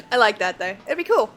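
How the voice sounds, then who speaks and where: A woman streamer talks casually and playfully with her chat as she plays. Her voice sits fairly high, and soft game music plays behind her. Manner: playful, self-deprecating. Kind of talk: casual gaming commentary.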